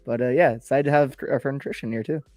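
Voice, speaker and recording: A man co-hosting a film podcast, hoarse and raspy from being sick, easygoing and halting. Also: medium pitch, darkish tone. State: hoarse from illness. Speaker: podcast co-host. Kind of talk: casual film chat.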